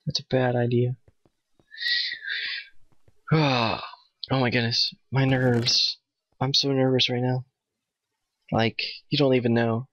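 A man giving nervous, excitable let's play commentary, talking to his in-game dog. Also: mid-range voice, slow, long pauses, no echo. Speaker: gamer playing a Minecraft map. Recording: dull, dry home mic.

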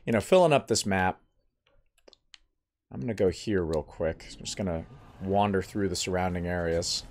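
A man's voice: deep voice, moderate pace, darkish tone, a little hiss or hum. A man giving casual, playful commentary while playing a video game, joking and talking to the characters. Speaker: let's play gamer.

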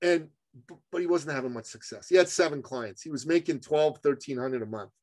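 A man's voice: fairly high pitch, a little fast. A man, a guest on a podcast, telling coaching stories with punchy, emphatic repetition. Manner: emphatic, acts out both sides of conversations; punchy, repeats phrases for emphasis. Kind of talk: animated podcast storytelling.

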